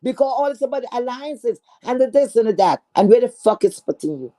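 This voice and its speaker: A woman's voice: a little high, expressive, a little fast, mellow. A woman delivering an angry, profane callout rant, confrontational and scornful, often repeating herself. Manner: repetitive, stammering restarts. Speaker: online streamer.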